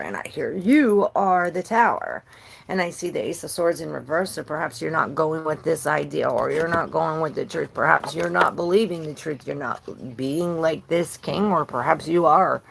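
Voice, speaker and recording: A woman's voice: deep voice, vocal fry, a little hiss or hum. A woman giving a live-streamed tarot reading, rambling and chatting with viewers between cards. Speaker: tarot reader.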